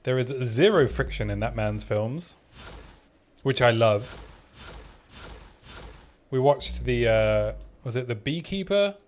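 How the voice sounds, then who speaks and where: A man's voice: medium pitch, slow, pauses often. Laid-back man streaming a game. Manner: relaxed, reads chat aloud and replies. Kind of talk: casual chat while streaming gameplay.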